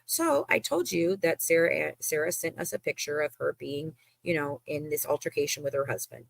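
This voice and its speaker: A woman's voice: deep voice, animated, moderate pace, gravelly, no room sound. A woman from the United States co-hosting a live stream, retelling a heated online feud with profanity and sarcasm. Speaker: livestream co-host. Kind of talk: casual storytelling on a live stream.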